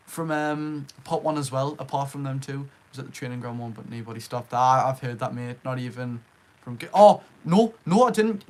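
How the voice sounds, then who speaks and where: A man's voice: medium pitch, slight background noise. A young man with a Geordie accent hosts a casual live stream from his room. He chats easily with viewers, hypes up the chat and reads out their names as they come in. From Northeast England. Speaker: livestream host.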